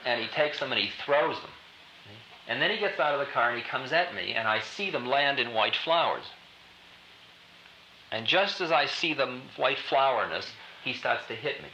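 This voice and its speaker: A man's voice: mid-range voice, lively intonation, moderate pace. A man telling a spiritual story to an audience in loose, hip slang, with laughter running through his talk. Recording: roomy, dull lo-fi archive recording with loud hiss.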